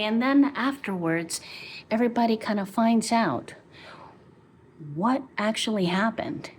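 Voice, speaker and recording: A woman's voice: mid-range voice, a little mellow, slightly rough. A woman vlogger in a casual monologue, retelling a story passionately and rambling, at times dropping to near whispers.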